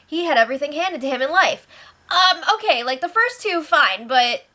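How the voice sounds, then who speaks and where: A woman with a high, bright voice hosts a casual recap, chatting to the camera. She giggles often and slips into quick impressions of the people she talks about. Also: animated. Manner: chatty and giggly, acting out what others said. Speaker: host of a reality show recap channel.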